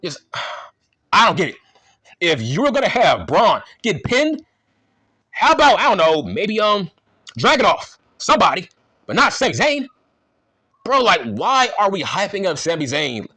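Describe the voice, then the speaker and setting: A man ranting in a casual, exasperated and profane way as a wrestling show reviewer, repeating his points with a slightly husky voice. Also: high-pitched, wildly swooping pitch, measured pace, pauses often, sharp tone.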